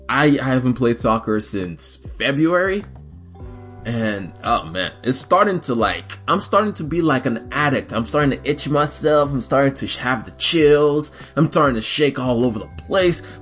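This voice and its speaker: A man's voice: mid-range voice, fairly bright tone. A young man hosting a casual solo podcast, chatty and rambling. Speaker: podcast host.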